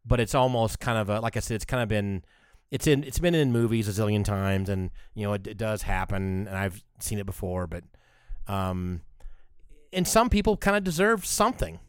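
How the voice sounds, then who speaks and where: A man's voice: lowish voice, expressive, normal speed, clean tone, no echo, clean studio sound. A man in casual chat, rambling through his opinions with many restarts and filler words.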